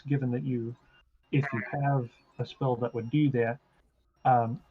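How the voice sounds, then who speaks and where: A man narrating as game master of a tabletop game, halting often with ums and restarts. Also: medium pitch, darkish tone, breathy edge, dull audio. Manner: hesitant, full of ums and restarts.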